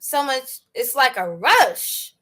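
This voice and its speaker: A woman's voice: high voice, very animated, slow, fairly bright tone, husky. A woman hosting a casual storytelling livestream, chatty and slangy, often laughing as she answers viewers' questions. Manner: laughs often while telling stories. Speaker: livestream host.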